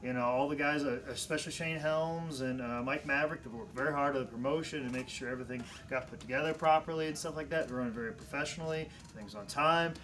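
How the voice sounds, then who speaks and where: A man's voice: mid-range voice, fast talker, few pauses, a bit bright. Earnest man talking wrestling. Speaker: co-host, wrestler. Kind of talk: casual wrestling podcast chat.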